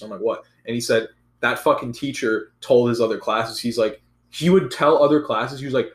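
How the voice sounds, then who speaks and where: A young man in casual chat, telling a profane, animated story about school. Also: medium pitch, a little fast. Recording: roomy echo.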